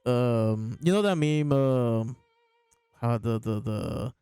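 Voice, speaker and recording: Man, casual host chat, amused, frequent laughs, smooth voice, faint background music. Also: mid-range voice, slow pace, mellow, no room sound. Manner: amused and chatty, laughs often. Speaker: podcast host reviewing manga.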